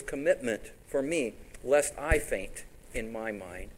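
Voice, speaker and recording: Male pastor from Tennessee, folksy sermon, animated delivery, mid-range voice. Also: mid-range voice, takes it slowly. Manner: folksy, animated, acts out little scenes.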